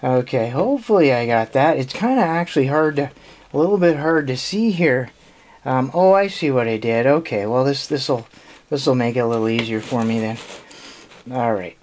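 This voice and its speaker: A man hosting a puzzle channel talks casually through an unboxing at a middling pitch. He stops and restarts often and laughs quietly to himself as he goes. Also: lively intonation. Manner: hesitant, halting, full of restarts and small laughs.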